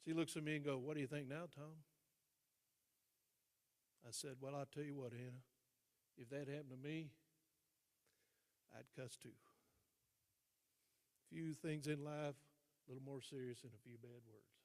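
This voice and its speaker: An older man, a guest speaker, telling a story in a motivational speech, acting out both sides of a conversation and dropping his voice low for emphasis. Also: fairly even intonation, normal speed, pauses often, a little mellow. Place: large hall. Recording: long hall reverb.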